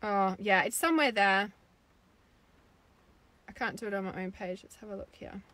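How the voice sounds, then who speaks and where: Bright, fired-up woman on a live stream. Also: medium pitch, moderate pace. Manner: swears freely and gets fired up; rambling, filler-heavy talk with many "like"s. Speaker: intuitive healer hosting a live stream. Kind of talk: casual live-stream chat reading viewer comments.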